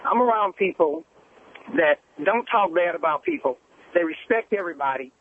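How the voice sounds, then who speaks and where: High-voiced male caller on a tinny phone line. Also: lively intonation. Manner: halting, hesitant, earnest. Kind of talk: radio call-in complaint.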